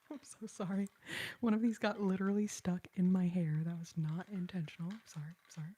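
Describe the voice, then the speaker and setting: A woman hosting an ASMR livestream in a whispered role-play, softly chatting with viewers, giggling and singing snippets of lullabies. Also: on the low side, steady tone, brisk, husky. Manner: sings snippets of lullabies in a hushed voice.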